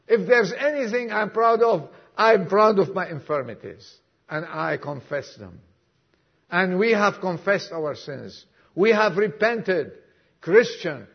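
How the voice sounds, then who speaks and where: A man preaching a sermon to a congregation, emphatic, acting out dialogue and dropping suddenly to a hush. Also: high voice, animated, slow pace, slightly rough, highs cut off. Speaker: pastor. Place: church congregation.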